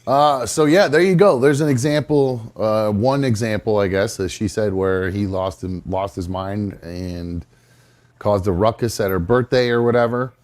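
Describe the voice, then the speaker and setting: A man with a somewhat low voice hosts a live talk show. He rambles casually, hedging with fillers and starting his sentences over. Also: moderate pace, a little mellow. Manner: chatty, hedging, with fillers and restarts. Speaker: podcast host.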